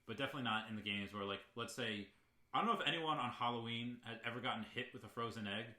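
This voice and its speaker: A man chatting casually on a podcast, rambling and laughing as he goes. His voice is bright and sharp. The sound carries a roomy echo. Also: mid-range voice, quick pace. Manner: enthusiastic, rambling, laughs often. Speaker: podcast co-host. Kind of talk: casual chat.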